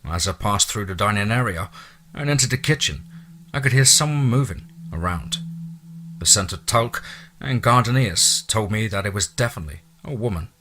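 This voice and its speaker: A man narrating a first-person story in a measured way, dropping to hushed tones at eerie moments. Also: fairly low pitch, expressive.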